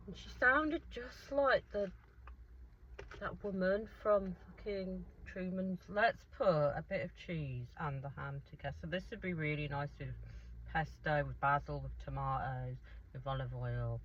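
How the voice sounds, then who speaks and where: Woman, lowish voice, chatty food vlogger, swears a lot, dull lo-fi sound, faint hiss, recorded in a car. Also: measured pace. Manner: animated, swears freely, mimics others in high voices. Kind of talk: casual eating vlog with story time.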